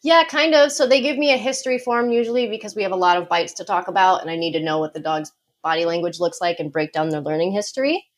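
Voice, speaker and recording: A woman speaks as a podcast guest with a mid-range voice, explaining confidently and plainly. She moves briskly through examples and drops in short, easy laughs along the way. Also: medium pitch. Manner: confident, explanatory, quick asides with light laughs. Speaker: dog behavior consultant guest.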